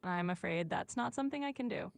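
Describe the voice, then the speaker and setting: A woman's voice: mid-range voice, lively intonation, fast, dry recording. A woman's voice as an AI voice assistant, polite and soothing, calling the listener sugar and darling. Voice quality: polite, soothing, evenly friendly. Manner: claims a Southern drawl with pet names. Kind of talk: scripted assistant chat.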